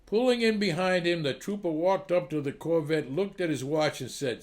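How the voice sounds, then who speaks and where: A man hosting a comedy show, telling long joke stories in a lively storytelling way. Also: on the high side, moderate pace, few pauses. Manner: animated joke delivery with acted voices. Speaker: comedy club host telling jokes. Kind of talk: storytelling jokes.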